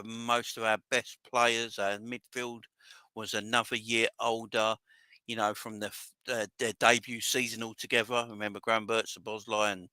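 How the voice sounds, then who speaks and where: Excitable man livestreaming, bright and emotional. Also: mid-range voice, smooth, dry recording. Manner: excited, rambling, shouts out chat viewers. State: emotional, voice wavering. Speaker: fan channel livestream host. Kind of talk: emotional casual livestream chat.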